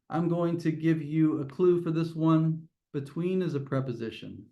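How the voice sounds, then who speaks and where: A man's voice: a little high, moderate pace, hardly any pauses, lo-fi sound. A man teaching a test prep grammar lesson to a class, explaining step by step and often restarting his phrases.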